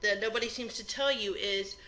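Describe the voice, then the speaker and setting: Woman, chemistry teacher, exam review lecture, step-by-step, conversational, bright clear voice. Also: medium pitch, brisk, low-quality recording. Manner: explains step by step in a plain conversational way. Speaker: chemistry instructor.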